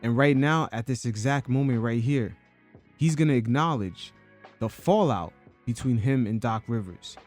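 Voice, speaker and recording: A man's voice: medium pitch, animated, normal speed, darkish tone, faint music behind. Male podcast host; casual, wry commentator, mid-range voice. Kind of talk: commentary over an interview clip.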